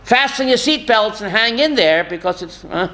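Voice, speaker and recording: Man, rabbi, sermon-style class, high voice, emphatic, asks listeners questions. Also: expressive, normal speed, crowd noise. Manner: emphatic, rhetorical questions, calling on listeners by name.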